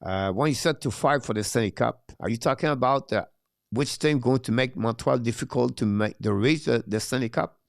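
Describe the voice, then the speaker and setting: A man with a French accent, a native French speaker, hosting a live hockey watch-along show. He reads out viewer questions and answers them haltingly, with many filler sounds. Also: medium pitch, vocal fry, dry recording, clean studio sound.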